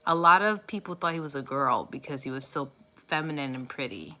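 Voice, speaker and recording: A woman host chatting casually with viewers on a live stream, warm and cooing as she talks about cats. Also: low voice, expressive, a little fast, a little hiss or hum. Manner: chatty and affectionate, cooing baby talk at her cat. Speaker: tarot reader live streaming.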